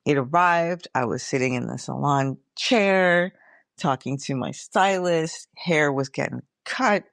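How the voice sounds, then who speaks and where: A woman's voice: extremely low pitch, animated, a little slow, creaky, no echo, clean studio sound. A middle-aged woman hosting her own podcast, talking candidly and casually, swearing freely and calling her listeners y'all. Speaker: podcast host. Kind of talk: casual reflective monologue.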